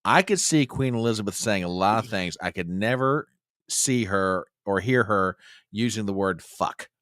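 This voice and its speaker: A man chatting on a live-stream podcast in an animated way, cutting in with quick objections. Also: lowish voice, no room sound, studio quality. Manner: animated, interrupts with rapid objections. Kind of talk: casual live-stream chat.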